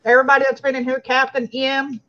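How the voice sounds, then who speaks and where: A woman's voice: high voice, monotone, fast talker, fairly bright tone. A woman hosting a casual livestream, chatting and thanking viewers by name. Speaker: livestream host. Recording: lo-fi stream audio.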